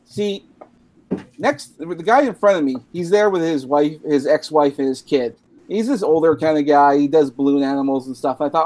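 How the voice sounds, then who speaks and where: A man's voice: on the high side, moderate pace, a little mellow. Drunk, rambling man telling a story. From Canada. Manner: rambling, profane, laughing at his own story. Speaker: podcast host. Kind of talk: casual storytelling chat.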